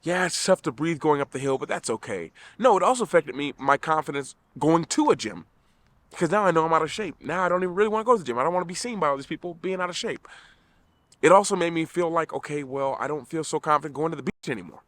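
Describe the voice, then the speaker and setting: Male vlogger, middle-aged, slightly high voice, emphatic motivational delivery to camera. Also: lively intonation, fast, fairly bright tone, no echo. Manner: earnest, repetitive restarts, emphatic.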